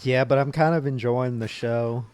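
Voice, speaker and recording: Fellow roleplayer, man, mid-pitched, playful joker in loose banter. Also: steady tone, moderate pace, darkish tone. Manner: playful, jokey. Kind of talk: casual in-character chat.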